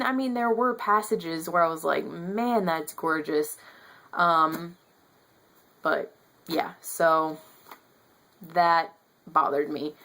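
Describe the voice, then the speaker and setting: A woman in her twenties talks through a book review in a casual vlog, thinking aloud and filling pauses as she goes. Her voice sits low, with a gravelly fry at the ends of her phrases. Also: a bit bright. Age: 20s. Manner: chatty, thinks aloud with many fillers.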